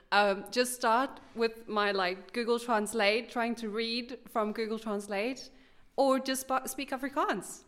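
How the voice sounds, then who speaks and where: A woman from South Africa telling an animated story in a casual group discussion, laughing often. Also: fairly high pitch, measured pace.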